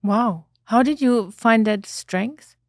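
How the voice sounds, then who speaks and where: A woman's voice: on the high side, takes it slowly, a little mellow, no echo, studio quality. A woman hosting a podcast, asking thoughtful follow-up questions in a casual interview. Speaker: podcast host.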